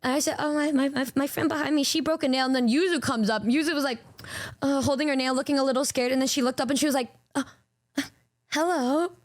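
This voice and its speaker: Bubbly high-voiced young woman streamer. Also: dry recording. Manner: animated, swearing, stammering, quick restarts. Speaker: VTuber streamer. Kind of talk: casual storytelling to stream chat.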